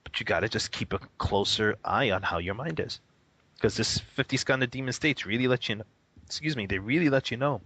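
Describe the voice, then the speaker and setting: A meditation teacher in the Buddhist tradition explains things casually during a radio interview, laughing often and acting out the reactions of people he quotes. His mid-range voice is husky and sharp, a little fast, with no room sound.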